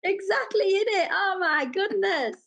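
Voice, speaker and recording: High-voiced, enthusiastic podcast host. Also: female voice, animated, unhurried, vocal fry, a bit bright. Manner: enthusiastic, many tag questions. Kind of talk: casual chat.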